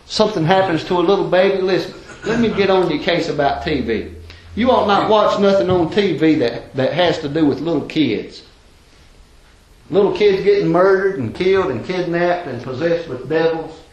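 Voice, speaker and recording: A man's voice: fairly high pitch, lively intonation, moderate pace, dull audio. Man, preacher, folksy, fervent, very roomy church echo. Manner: folksy, fervent, swings from quiet to hollering. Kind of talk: sermon. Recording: very echoey church room.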